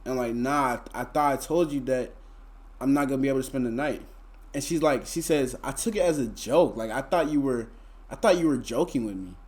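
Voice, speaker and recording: A man's voice: mid-range voice, fairly quick, a little mellow. A young man, telling a story to his live chat in a laid-back, slangy, rambling way full of fillers. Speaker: streamer.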